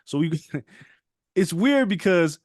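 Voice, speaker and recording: A man on a podcast, animated as he tells a story, with a higher-than-average voice, close and dry. He keeps acting out the other people in the story as he goes, and laughs along. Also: slow pace, no room sound. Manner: animated storyteller, acts out quotes, laughs often. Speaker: podcast co-host. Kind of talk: casual storytelling chat.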